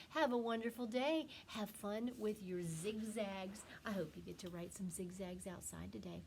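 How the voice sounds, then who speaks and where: Woman teacher, storytime voice, mid pitch, encouraging. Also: normal speed, creaky, few pauses, slight background noise. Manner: warm, expressive and encouraging. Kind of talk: reading a picture book to young children.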